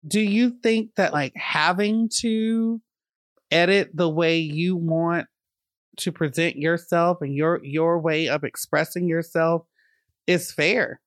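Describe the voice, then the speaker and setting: A podcast host from Bolivia, a woman, asks measured, thoughtful questions at an even pace. Her voice is close and dry, with no room around it. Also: fairly low pitch, no echo. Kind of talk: interview questions.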